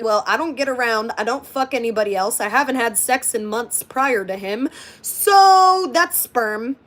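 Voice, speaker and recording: High-pitched woman streamer, casual, candid, swears freely. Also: a bit bright. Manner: blunt and profane, talks candidly to viewers. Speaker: livestreamer. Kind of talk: casual livestream chat.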